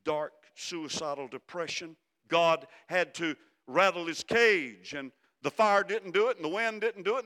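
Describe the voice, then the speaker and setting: A man preaching a sermon, swinging from loud emphasis down to hushed, soft phrases. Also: a little high. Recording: long hall reverb.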